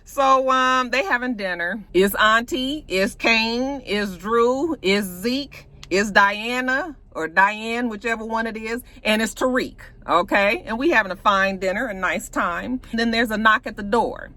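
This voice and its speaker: A woman casually recapping a TV episode, animated and profane, acting out the scenes as she goes. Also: fairly high pitch, measured pace, few pauses. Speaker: TV show reviewer.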